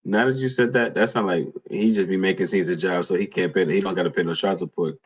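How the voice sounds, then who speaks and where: Deep, husky man in casual chat. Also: fairly even intonation, quick pace. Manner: laid-back, reacts with short comments and laughs. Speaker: podcast co-host.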